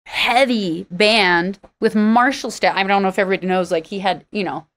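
A woman guest telling animated stories in an interview, laughing often as she talks. Her voice sits at an ordinary middle pitch. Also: normal speed. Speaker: singer-songwriter guest. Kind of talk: storytelling interview talk.

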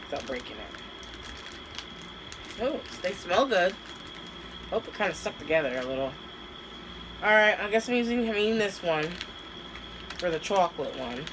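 Chatty woman vlogger, noisy recording. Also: fairly low pitch. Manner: chatty, hesitant, many fillers. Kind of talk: casual taste-test vlog.

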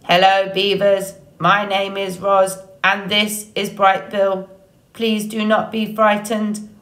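A woman voicing a calm, polite female robot who speaks slowly and evenly in a storybook reading. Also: mid-range voice, roomy sound. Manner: slow, even, deliberate delivery.

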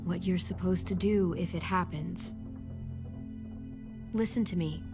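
A calm young woman from a video game, voiced by an actress, who speaks slowly in a lowish voice. She is gentle but firm and steady. Game music sits clearly behind her. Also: natural voice.

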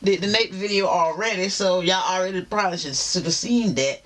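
A woman's voice: on the low side, a little fast, a bit bright. A woman with a Southern US accent chatting casually to her camera at home, drawling asides to her viewers. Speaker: vlogger. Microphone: camera mounted up high.

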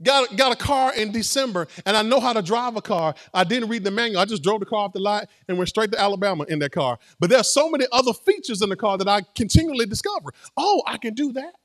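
A male pastor delivers his sermon in a high, animated voice that swoops up and down. He talks to the congregation like friends, with playful asides, and calls for them to answer back. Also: fast, few pauses. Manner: conversational preaching with playful asides and call-and-response.

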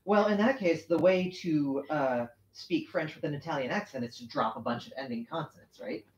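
A host chatting casually on a livestream while sewing, rambling and correcting themself, quick to laugh. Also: mid-range voice, slight background noise. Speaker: stream host. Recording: roomy, muffled home stream audio.

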